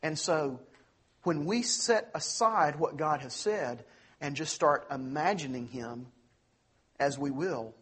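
A man preaching a sermon as pastor, earnest, slowing down on key phrases and speeding through asides. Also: fairly high pitch, expressive, fairly bright tone, breathy edge. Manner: earnest preaching, slows for emphasis, quick asides.

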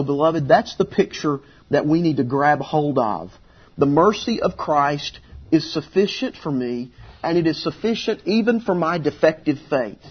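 Husky-voiced pastor preaching earnestly. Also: male voice, lo-fi sound. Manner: earnest, emphatic, voicing quoted pleas with rising pitch. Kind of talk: sermon.

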